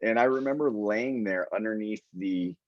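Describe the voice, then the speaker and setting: A man co-hosting a podcast, telling stories in a jokey, drawn-out way in casual chat. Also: fairly low pitch, no room sound, muffled recording. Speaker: podcast co-host, gym staff.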